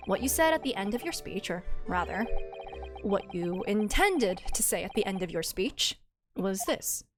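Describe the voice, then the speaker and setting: A woman's voice: medium pitch, very animated, normal speed, music in the background, voice pushed down, close to an everyday voice. A woman voicing a bold young man in a game, telling a story in a theatrical, swooping way. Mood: dramatic.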